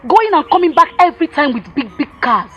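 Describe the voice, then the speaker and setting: An actress with a Nigerian English accent playing a fed-up young wife who scornfully complains about poverty and craves wealth. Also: female voice, high-pitched, animated, a little fast, pushed and bright, lo-fi sound, soft background music. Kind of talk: film drama acting.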